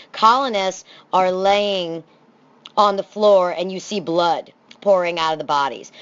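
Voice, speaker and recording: A woman teacher giving a recorded history lesson in a lively, conversational way, with playful asides to her students. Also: mid-range voice. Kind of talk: recorded classroom presentation. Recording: slightly dull lo-fi audio.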